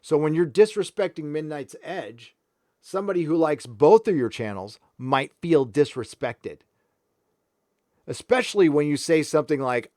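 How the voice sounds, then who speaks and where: A slightly high, expressive, somewhat mellow voice belongs to a San Diego, California man hosting a casual live stream at a moderate pace. He rambles candidly through viewer comments, and the studio recording has no room sound.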